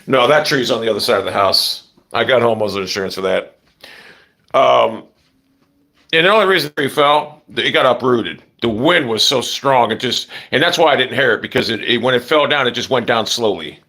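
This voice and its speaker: A man's voice: mid-range voice, brisk, vocal fry. A middle-aged man livestreaming casually from his yard on a phone, telling stories bluntly with heavy cursing. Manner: profane, blunt ranting; animated storytelling. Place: outdoors in a yard.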